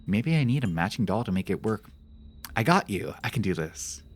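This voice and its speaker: A young man with a fairly low voice chats casually at a moderate pace on a live game stream. He's animated, reacting jumpily and rambling through anecdotes.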